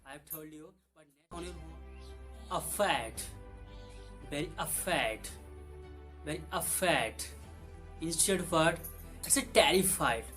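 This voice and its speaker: Soft music plays behind this vocabulary lesson, where a man whose first language is Hindi says each English word twice in plain, broken English. His fairly high voice has lively intonation and a bright, forceful tone, and he goes slowly with frequent pauses.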